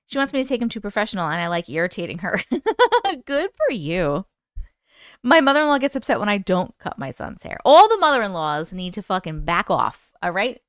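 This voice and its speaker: A woman's voice: mid-range voice, very animated, brisk, a bit bright, smooth, no room sound, clean studio sound. A woman with a New York accent hosting a live stream, greeting chatters by name in a chatty, playful way. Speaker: livestream host. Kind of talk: casual live-stream chat.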